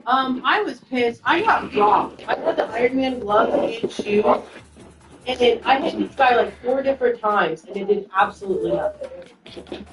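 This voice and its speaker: A woman's voice: on the high side, very animated, moderate pace, background noise. Distant, roomy woman chatting while gaming. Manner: chatty, swears freely, laughs often. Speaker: gamer chatting on voice chat. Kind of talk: casual gaming chat. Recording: roomy, distant, dull lo-fi mic.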